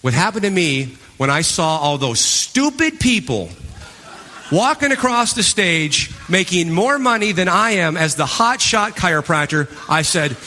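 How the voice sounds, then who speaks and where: A man giving a live stage talk to an audience, telling his story with animated energy and acting out his past reactions. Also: sits high, a little slow. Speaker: motivational speaker. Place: large event hall. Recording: long hall reverb.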